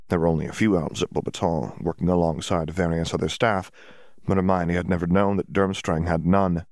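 A man narrating a story in a steady, even reading manner. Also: low-pitched, a little fast, dry recording, studio quality.

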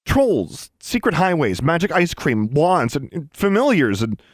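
A man voicing a scared, angry eleven-year-old boy in an audiobook, straining high when he shouts. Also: sing-song, normal speed, dry recording, clean studio sound. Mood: shouting.

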